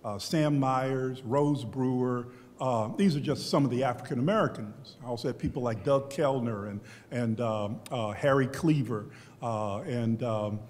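A man's voice: medium pitch, unhurried, darkish tone. A man in his sixties from Texas, telling personal stories on a history panel in a reflective, conversational way, often restarting his sentences. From Beaumont, Texas, US. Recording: long hall reverb.

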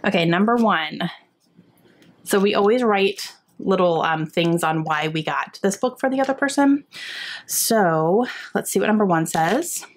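A young adult woman in casual, excited chat as she unwraps gifts for her book vlog. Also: mid-range voice, measured pace, slight background noise. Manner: excited and chatty, gasping and laughing often. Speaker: book vlogger.

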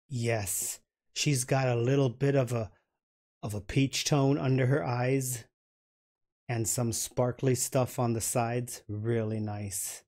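Hosting a reaction video, a man with a mid-range, darkish voice gushes and halts as he comments, often repeating his words.

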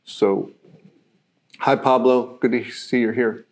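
Gravelly-voiced man teaching self-mastery. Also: medium pitch, steady tone, takes it slowly. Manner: reflective, explains through everyday examples with frequent fillers. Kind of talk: live-streamed teaching talk.

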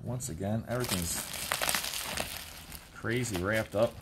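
A man, an auctioneer, giving casual, joking commentary while unboxing, with excited exclamations. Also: on the low side, a little slow. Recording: noisy background with crinkling.

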